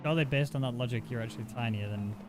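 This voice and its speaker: A man's voice: medium pitch, very fast, soft background music. A man giving casual live commentary on an online sim race, chatty and bantering with his co-host. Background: racing car engine noise.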